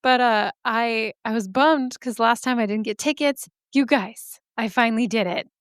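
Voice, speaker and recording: A woman's voice: on the high side, normal speed, no echo, clean studio sound. A woman hosting her podcast in a bubbly, chatty way, laughing often, her throat a little scratchy. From Arizona. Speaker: podcast host. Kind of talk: casual chat. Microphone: studio microphone.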